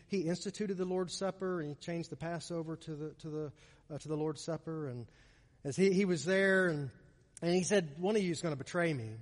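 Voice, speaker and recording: High-voiced preacher in an echoey hall. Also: male voice. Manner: repeats words often, swells loud then drops soft. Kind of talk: sermon leading communion. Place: church sanctuary.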